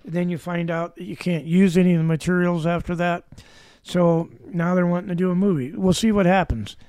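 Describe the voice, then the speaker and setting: High-voiced man in his seventies, mellow. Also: steady tone, brisk, clear, resonant tone, no room sound. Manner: rambling anecdotes with dry humor. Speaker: guest, former backcountry ranger. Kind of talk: casual storytelling.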